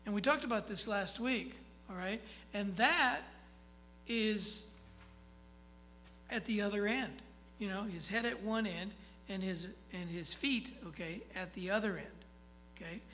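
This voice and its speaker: A pastor preaching a sermon in a conversational way, often checking in with the listeners and reading scripture aloud slowly with emphasis. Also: mid-range voice, sharp tone, slight background noise, poor audio. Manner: conversational, keeps checking in with "okay?".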